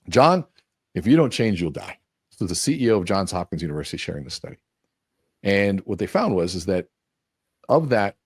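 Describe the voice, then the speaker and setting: A man's voice: low voice, no echo, clean studio sound. A man speaking as a guest in a conversational interview, telling stories and acting out quoted dialogue. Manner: animated storyteller acting out quotes.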